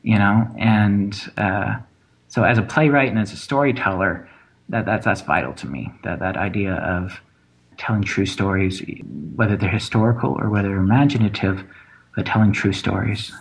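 A man's voice: fairly low pitch, normal speed, creaky, poor audio. Hesitant man musing on stories. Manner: hesitant, repeats words and restarts often. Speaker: playwright guest. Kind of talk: casual conversation.

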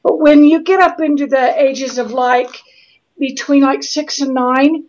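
A middle-aged woman from Utah, speaking earnestly and haltingly as an author in an interview, often restarting her sentences. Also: high-pitched, steady tone, darkish tone. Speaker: guest author. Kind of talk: interview conversation. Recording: slightly dull lo-fi audio.

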